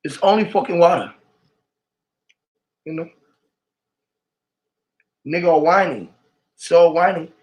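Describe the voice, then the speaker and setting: A man talking to camera in a rambling, emotional monologue, swearing often and swinging between loud outbursts and low mutters. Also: takes it slowly, long pauses. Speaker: vlogger.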